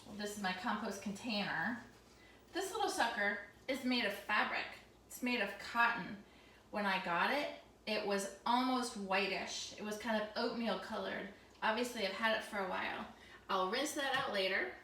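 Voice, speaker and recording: Chatty woman with a bright, echoey sound. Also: mid-range voice, normal speed, far from the mic, a little hiss or hum. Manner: chatty, teasing, talking loud in a teacher voice. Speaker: teacher and vlogger. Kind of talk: casual home vlog. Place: home kitchen. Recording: echoey room, voice somewhat off mic.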